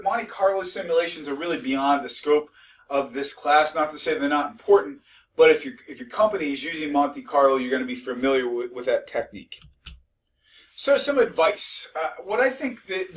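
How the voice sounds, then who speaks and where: A man's voice: a little high, expressive, normal speed, a bit bright, far from the mic, poor audio. A male instructor giving a recorded lecture, conversational and mildly sarcastic, with frequent restarts.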